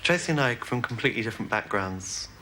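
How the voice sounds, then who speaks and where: A man's voice: medium pitch, animated, fast talker, sharp tone, poor audio. A man with an upper-class English accent, telling dry, understated stories in an interview and chuckling. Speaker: game show contestant. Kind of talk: casual interview anecdotes. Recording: very hissy old tape.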